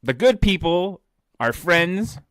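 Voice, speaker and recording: A male podcast co-host with a lively, swinging delivery, cursing freely and joking as he runs through the show's business. His voice is mid-pitched and sits dry and close on the mic. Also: slow pace, no echo. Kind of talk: casual podcast chat.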